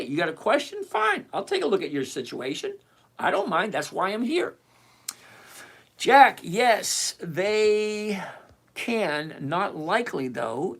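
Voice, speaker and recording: With a creaky voice at medium pitch, a livestream host teaches options trading by reading and responding to chat questions. The talk is animated, chatty, blunt and repetitive.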